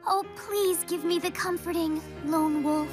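A woman's voice: very high-pitched, fairly even intonation, a little slow. A chirpy, overly formal alien girl. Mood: earnest. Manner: odd formal phrasing, earnest. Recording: cartoon dialogue over loud music.

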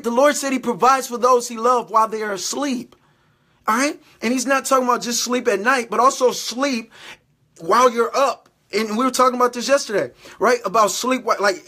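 Very high-voiced man preaching encouragement. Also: bright, forceful tone. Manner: repetitive, exhorting, checks in with "all right?". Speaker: faith vlogger. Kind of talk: motivational faith talk to camera.

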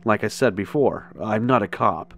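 A man voicing a blunt, gruff cowboy stranger in his fifties in a spoken horror story. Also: on the low side, moderate pace, fairly bright tone, close to an everyday voice. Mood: menacing. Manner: blunt, gruff, calls him boy.

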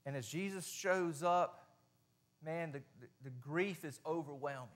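A man with a Southern US accent delivers a sermon in a church, his voice sitting high for a man. He talks in a folksy, plain-spoken way, rising to loud stretches and then dropping to a hush. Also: a little slow. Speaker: preacher. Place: church sanctuary.

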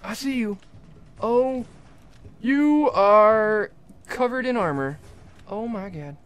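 A young adult livestreamer giving jokey, excitable commentary while playing, often talking to the game's characters. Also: medium pitch, slow pace. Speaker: gaming livestreamer. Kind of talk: live gameplay commentary.

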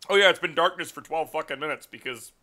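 A man's voice: fairly high pitch, fast, sharp tone. A man streaming live, ranting in a profane, exasperated way at his computer.

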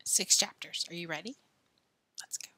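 A woman reading a children's book aloud, expressive and friendly toward young listeners. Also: on the low side, moderate pace, husky.

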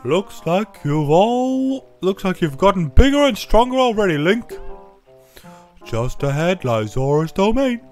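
A man voicing a wise old talking owl guide, slow, hooting and solemn. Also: high voice, very animated, darkish tone, faint music behind, pitched above the performer's own voice.

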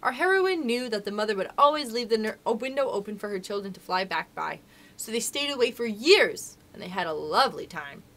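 A woman reading aloud and voicing a motherly young girl who tells a story and gently hushes the children around her. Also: fairly high pitch, lively intonation, brisk. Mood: storytelling. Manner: earnest, gently scolding.

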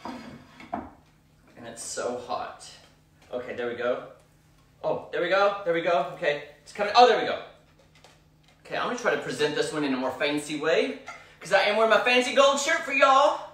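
A man's voice: fairly high pitch, very animated, moderate pace, long pauses, a bit bright, reverberant, recorded from a distance. A man chatting bubbly and gushing while he cooks on a live stream from his home kitchen. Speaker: home cooking vlogger. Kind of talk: live cooking stream chat.

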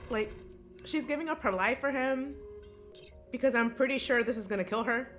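A woman hosting an anime reaction video, talking to herself with excitable, emotional outbursts. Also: a little high, moderate pace, a little hiss or hum. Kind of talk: live reaction commentary.

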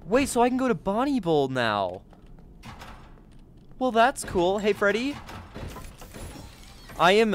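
A man talks through a horror game in a let's play, jumpy and quick to yelp or gasp at every scare. His voice sits at an ordinary middle pitch. Faint game music plays underneath. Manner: jumpy and excitable, gasping and yelping at scares. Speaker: gaming YouTuber.

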